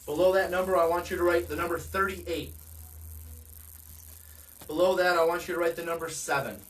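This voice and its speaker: A man's voice: a little high, steady tone, brisk, recorded from a distance, low-quality recording. A man giving a direct, conversational sales training talk, often asking his listeners questions. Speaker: real estate sales coach.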